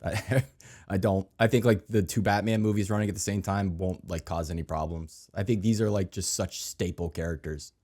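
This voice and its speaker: Male co-host, very deep voice, loose and joking delivery. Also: fairly even intonation, moderate pace, darkish tone. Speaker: podcast co-host. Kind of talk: casual film chat.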